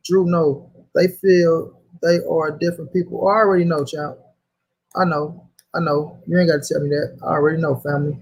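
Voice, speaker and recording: A man runs a casual livestream and argues hard. His voice sits fairly high, and he swears freely as he reads viewer comments aloud. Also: level tone, moderate pace, husky. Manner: heated, profane, reads chat aloud. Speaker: host.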